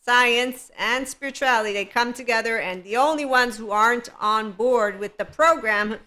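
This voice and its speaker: A woman's voice: a little high, normal speed, pushed and bright. A woman hosting a spiritual self-help podcast, talking in a playful, rambling way and laughing often. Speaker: podcast host.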